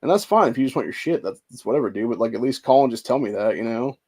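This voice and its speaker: A man's voice: mid-range voice, lively intonation, quick pace, darkish tone, husky. A man in his forties venting in a rambling, profane monologue, emotional and stressed out. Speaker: vlogger.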